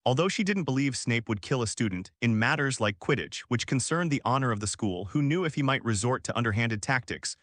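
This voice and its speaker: A man narrating a story with steady, even delivery. His voice sits at a middle pitch, and the recording is dry and close, with no room sound. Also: fairly quick, few pauses, no room sound. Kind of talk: audiobook narration of fan fiction.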